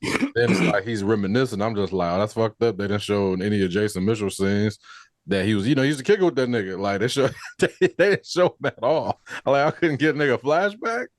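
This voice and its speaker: Low-voiced laid-back man retelling scenes. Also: a little fast, no room sound, studio quality. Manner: laid-back storyteller, swears, acts out scenes. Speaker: podcast co-host. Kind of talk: casual review chat.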